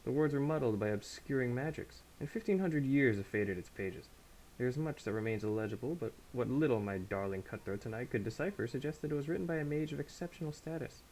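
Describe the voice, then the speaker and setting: A man's voice: medium pitch, lively intonation, fast talker, darkish tone, a little hiss or hum, pitched above the performer's own voice, lightly acted, poor audio. A man voicing a fierce, vengeful female sky pirate captain as he reads game dialogue aloud without an accent. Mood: grand.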